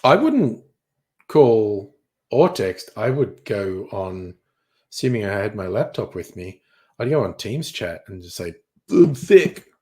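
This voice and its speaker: A man's voice: on the low side, very animated, a little slow, a little mellow. A young man reading headlines in a casual chat, crude and sardonic, swearing freely. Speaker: streamer.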